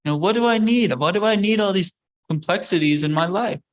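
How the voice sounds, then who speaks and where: Humble poor street seller, put on by a man, pleading and flustered, pushed up high. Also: fairly even intonation, normal speed, no room sound, lightly acted. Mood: exasperated.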